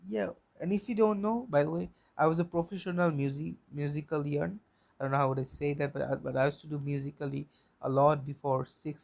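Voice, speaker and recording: A man's voice: fairly high pitch, creaky, a little mellow. A young man hosting a solo podcast, rambling, repeating himself and swearing bluntly. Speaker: podcast host.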